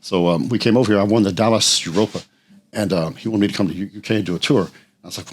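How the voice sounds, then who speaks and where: A man's voice: on the low side, breathy edge. A man, a podcast guest telling blunt, profane stories in casual chat. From Texas. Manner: blunt, profane, fast anecdotes. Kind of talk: casual storytelling.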